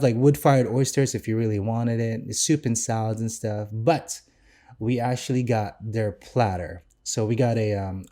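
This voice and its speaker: Rambling chatty man, mellow voice. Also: medium pitch. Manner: rambling, enthusiastic, many fillers and restarts. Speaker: podcast co-host, chef. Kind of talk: casual podcast chat.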